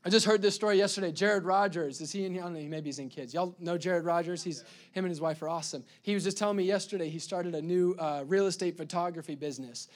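A male pastor preaching with a high, bright voice. He talks energetically, trips over his words and restarts them, and breaks into sudden loud bursts. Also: quick pace, hardly any pauses. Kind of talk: sermon.

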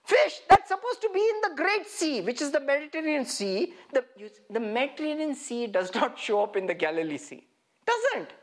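Male pastor preaching a sermon in a high voice, animated, full of rhetorical questions. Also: normal speed.

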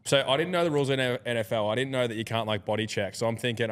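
A young Australian man hosting a podcast, teasing his guest in quick, casual banter. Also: medium pitch, fairly even intonation. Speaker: podcast host. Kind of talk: casual interview chat. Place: podcast studio.

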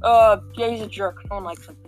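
A woman's voice: medium pitch, steady tone, fairly quick, faint music behind, low-quality recording. A woman guiding listeners through a game mission in casual, rambling chat, full of fillers and restarts. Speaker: game walkthrough guide.

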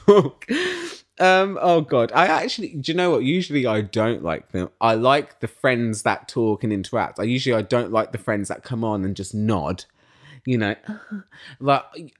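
British solo recap host, ranty and gossipy, very animated pitch. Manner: ranting, gossipy, swears freely, laughs often. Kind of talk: casual solo recap chat.

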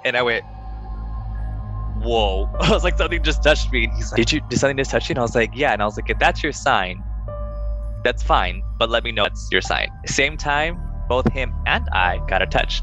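A man's voice: fairly low pitch, bright, forceful tone, poor audio. A man co-hosting a podcast, telling a story casually and acting out the quoted dialogue with animation. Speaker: podcast co-host.

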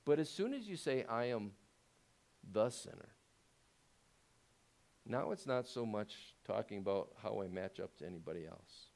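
A man preaching a sermon as pastor, talking conversationally and asking the congregation rhetorical questions, growing louder when he presses a point. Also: expressive, brisk, vocal fry, few pauses. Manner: grows louder and higher when making a point.

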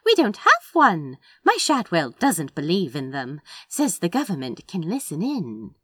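A woman reading a story aloud and voicing a cheerful, fussing middle-aged landlady who talks loudly and excitedly in a high voice. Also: measured pace, breathy edge, no room sound, clean studio sound, exaggerated voice.

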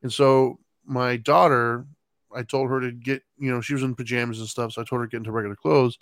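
Middle-aged male co-host, chatty and animated, acts out quotes, dry recording. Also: mid-range voice, fast talker, dry recording. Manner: animated, laughs while telling, acts out his kids' lines. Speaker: podcast co-host. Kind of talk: casual storytelling chat.

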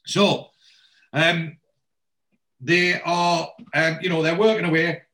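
A man's voice: on the high side, level tone, slow pace, pushed and bright. A man casually retelling a TV episode, acting out the characters' lines and swearing freely.

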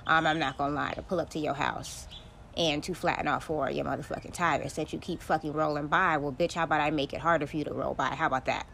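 A woman's voice: low-pitched, steady tone, fast talker, gravelly, fairly bright tone, slight background noise. A woman hosting her own podcast, venting in a heavily profane, emphatic solo monologue. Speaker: podcast host.

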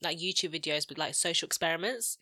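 Bright-voiced blunt woman. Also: sits low, fast, breathy edge, no echo, studio quality. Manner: blunt and expressive, swears freely. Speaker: podcast co-host. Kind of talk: casual chat.

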